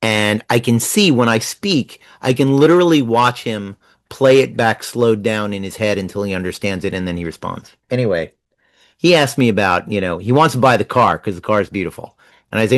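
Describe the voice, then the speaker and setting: A man in his sixties from New Jersey, telling stories fast and animatedly as a guest in a casual interview. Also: fairly low pitch, no echo. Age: 60s. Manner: fast-talking, animated storyteller. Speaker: guest writer.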